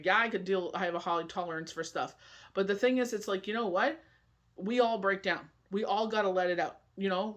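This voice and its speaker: A tarot and oracle card reader gives a casual spoken forecast in a mid-range, fairly bright voice. She rambles chattily, often asking "you know what I mean," and reads card meanings aloud slowly.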